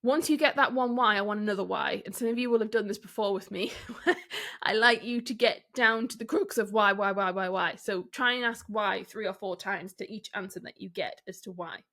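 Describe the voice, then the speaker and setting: A woman hosting a solo business podcast, coaching listeners in a direct, candid way with rhetorical questions and quick laughs. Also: mid-range voice, a bit bright.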